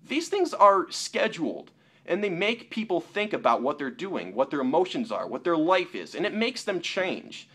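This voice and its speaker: Animated young man ranting on camera. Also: moderate pace, slightly rough. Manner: animated, mocking quotes in a lower voice. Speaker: YouTuber. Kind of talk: opinion vlog rant.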